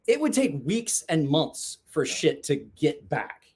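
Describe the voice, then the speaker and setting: A man's voice: a little high, very animated, takes it slowly, a little mellow, slightly rough. A middle-aged man telling crude stories in casual chat, swearing and mimicking the people in them. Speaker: podcast guest telling stories.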